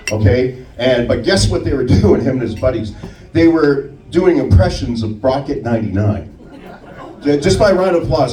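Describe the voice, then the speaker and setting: A man doing a stand-up comedy set, telling stories with an animated delivery and putting on voices for people in them. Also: mid-range voice, slight background noise. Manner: animated storytelling with put-on voices. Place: comedy club stage. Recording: roomy club sound from a distance.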